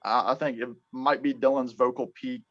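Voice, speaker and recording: A man hosting a casual music chat, talking in halting bursts full of ums and restarts. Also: medium pitch, steady tone, a bit bright. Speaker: podcast host. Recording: dull lo-fi sound.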